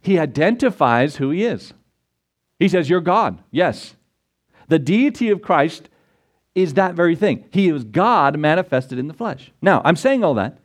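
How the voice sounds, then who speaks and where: Guy preaching in church, lively up and down voice, acts out the bible bits, kinda high. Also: a little slow. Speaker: pastor. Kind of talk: sermon.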